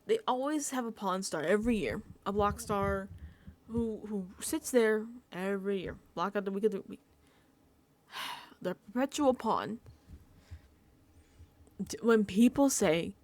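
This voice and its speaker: A woman's voice: mid-range voice, animated, unhurried, pauses often, darkish tone, no room sound. A young woman giving a sassy, gossipy recap of a reality show, acting out quotes from the contestants. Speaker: recap vlogger.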